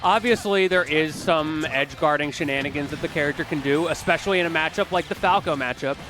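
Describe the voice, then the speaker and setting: A man's voice: a little high, brisk, music in the background. A man commentating a fighting game tournament, chatty and explanatory, breaking down plays and talking to the chat. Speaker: esports commentator. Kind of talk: casual analytical commentary.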